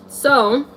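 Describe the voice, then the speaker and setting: A woman's voice: on the high side, fairly bright tone, a little hiss or hum. A young woman in her twenties chatting casually on a livestream, answering viewers in a laid-back, slangy way. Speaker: vlogger answering live chat.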